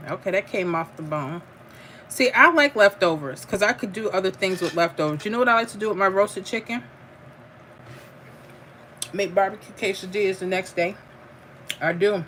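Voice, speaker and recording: A middle-aged woman who talks easily and laughs often, drawling "honey" and "y'all" as she chats with viewers. Her voice sits at an ordinary pitch. It is a phone recording in a home kitchen with faint room noise behind her. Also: normal speed, long pauses, fairly bright tone. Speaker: livestream host. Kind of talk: casual livestream chat while eating.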